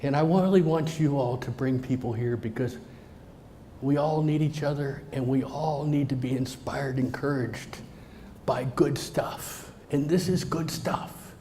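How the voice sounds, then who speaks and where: A middle-aged man gives a storytelling speech to a live audience in a meeting room. He swings between emphatic lines and hushed, near-whispered asides. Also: mid-range voice, unhurried, a little hiss or hum. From Southern United States. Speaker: motivational speaker.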